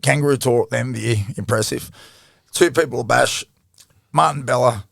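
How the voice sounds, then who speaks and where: A middle-aged Australian man with a heavily gravelly, fry-laden voice spins a casual yarn, swearing freely and chuckling between stories. The sound is dry and close, with no room around it. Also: mid-range voice, fairly quick, a bit bright, dry recording. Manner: swears freely, laughs through his stories. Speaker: guest, former rugby league player. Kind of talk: casual storytelling interview.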